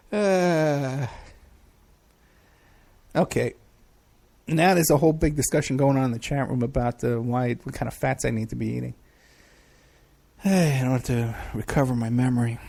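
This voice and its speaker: A man's voice: medium pitch, creaky, mellow, breathy edge. A middle-aged man hosting a talk show, rambling casually through viewer questions with many hesitations. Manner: rambling, chatty, frequent hesitations. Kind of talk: casual livestream chat.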